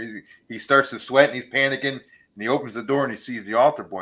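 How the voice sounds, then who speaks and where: Male podcast host, bright forceful tone, tells jokes and cracks up at his own lines. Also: medium pitch, fast talker. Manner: joke-telling storyteller, laughs at own punchlines. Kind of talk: casual chat, telling jokes.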